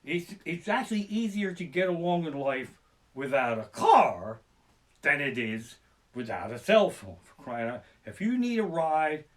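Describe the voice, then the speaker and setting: A man ranting through a profane stand-up story, talking fast and jumping into panicked shouted voices. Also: a little high, big pitch swings. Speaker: comedian. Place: living room. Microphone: basic home streaming setup.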